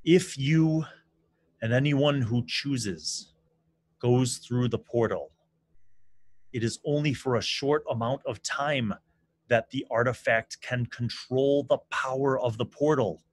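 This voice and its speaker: A man's voice: medium pitch, takes it slowly. A man voicing a formal captive king. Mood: urgent pleading. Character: captive scheming male king, proud, pleading.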